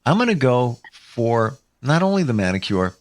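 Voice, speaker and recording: A man co-hosting a casual self-care chat, relaxed and reflective, acting out little examples. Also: mid-range voice, moderate pace.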